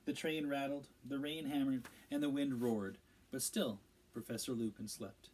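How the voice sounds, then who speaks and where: A man reads a storybook aloud in a steady, measured voice of ordinary middle pitch. His delivery is plain, an amateur audiobook narration. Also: a little hiss or hum, poor audio. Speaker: audiobook reader.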